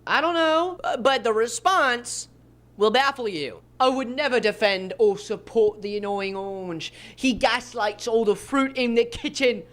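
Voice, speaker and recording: A man's voice: very high voice, measured pace, fairly bright tone, pitched above the performer's own voice. A man putting on a mocking, sing-song voice of a flippant young man who sounds falsely apologetic.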